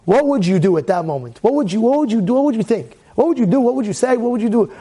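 Telling a Torah lesson as a vivid story, this fast-talking man has a high, slightly rough voice. He peppers listeners with rhetorical questions again and again and bursts into loudness at key points.

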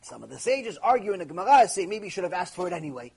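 A man's voice: high voice, very animated, rapid-fire, gravelly, darkish tone, husky. A man teaching Torah in a storytelling lecture, repeating phrases and mixing in Hebrew terms.

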